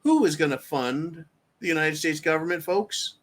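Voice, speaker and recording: A man hosting his own show delivers a profane, combative live-stream commentary rant, reading viewer comments aloud as he goes. His voice is fairly high and his speed normal.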